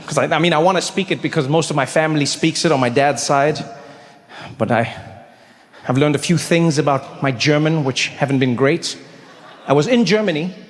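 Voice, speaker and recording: Brief: male stand-up comic, animated storyteller, fairly high voice, long hall reverb. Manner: animated, acts out characters mid-story. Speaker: stand-up comedian.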